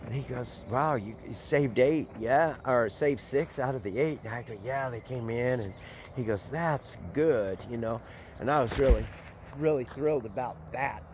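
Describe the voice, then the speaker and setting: An older man with a drawl rambles on in a casual vlog, his voice sitting at a middling pitch. He talks outdoors, and a faint wash of background noise runs under him. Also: moderate pace. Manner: rambling, talks to puppies in a high cooing voice. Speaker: animal sanctuary owner. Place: outdoors at an animal sanctuary.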